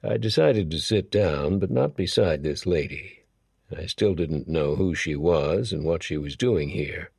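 A man's voice: low-pitched, unhurried, vocal fry, a little mellow, breathy edge, dry recording, studio quality. A man narrating an audiobook in the first person, with a wry, nervous storytelling manner.

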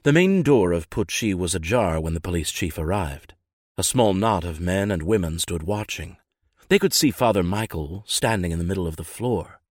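A man narrating a nonfiction story in a measured, grave manner. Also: deep voice, lively intonation, no echo, studio quality. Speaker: author and narrator. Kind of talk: scripted narration.

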